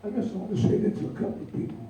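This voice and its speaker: A man preaching a sermon in a church, animated and laughing as he acts out voices, with the congregation answering. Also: rapid-fire, a little hiss or hum. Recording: echoey church hall, distant mic. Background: congregation responding.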